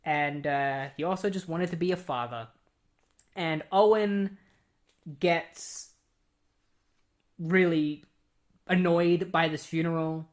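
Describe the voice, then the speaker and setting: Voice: mid-range voice, slow, pauses often. A comic book reviewer giving a casual plot recap, chatty and full of fillers, with offhand asides.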